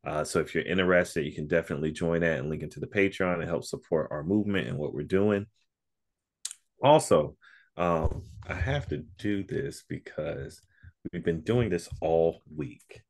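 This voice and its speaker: In a casual interview, a man who co-hosts his own podcast appears as a guest, speaking in a low, slightly mellow voice at a moderate pace. He's easygoing, spins stories and laughs often.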